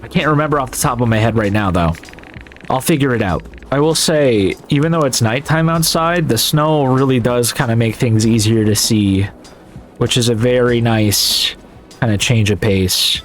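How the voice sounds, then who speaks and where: A man talks casually over his gameplay in an ordinary mid-range voice, joking with his viewers. Now and then he breaks into loud yelps of excitement. Faint game music plays in the background. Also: mid-range voice, normal speed. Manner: upbeat and jokey, bursts into loud yelps. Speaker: gaming video host.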